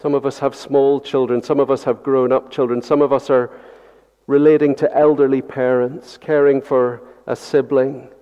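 The pastor's mid-range voice is dark and clean, with little pitch movement and a normal speed. He preaches an earnest, repetitive Sunday sermon in church, repeating key phrases and asking the congregation rhetorical questions. Long hall reverb and a dull sound color the recording.

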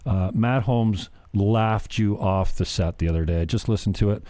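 A middle-aged man talks in a low, dark, mellow voice, stumbling and repeating words as he speaks earnestly. The sound is close and dry, with no room around it. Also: normal speed, no room sound. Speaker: podcast host. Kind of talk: casual chat.

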